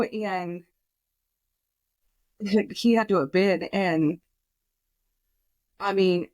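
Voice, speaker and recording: A young woman appears as a podcast guest, her voice on the low side in a dry recording. She tells an emotional personal story in a rambling way, full of fillers and swearing, and quotes herself.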